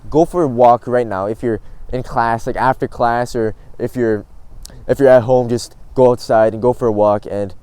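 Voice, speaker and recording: Young male vlogger, warm low-key tone, blunt and profane, self-mocking. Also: fairly even intonation, normal speed, clear, resonant tone, no room sound. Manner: blunt, swears often, laughs at himself. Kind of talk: casual advice monologue.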